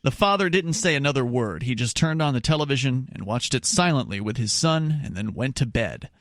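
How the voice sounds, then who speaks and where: Brisk and expressive at medium pitch, this radio host reads out news items and banters with his co-host, often restarting sentences and dropping in asides. The studio audio is clean and dry.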